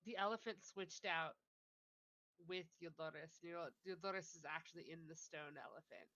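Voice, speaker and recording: A woman's voice: fairly low pitch, normal speed, pushed and bright, dull audio. A woman playing in a tabletop game, chatting casually and giggling easily. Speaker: player.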